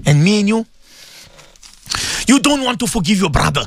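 On the radio, a male religious teacher with a high-pitched, very animated voice delivers an impassioned sermon at a moderate pace. He's fervent and repetitive, calling out to listeners, with no room sound.

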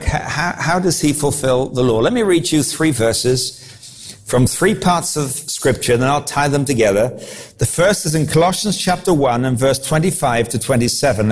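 High-voiced man preaching a lively sermon. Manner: animated, acts out quoted voices of listeners.

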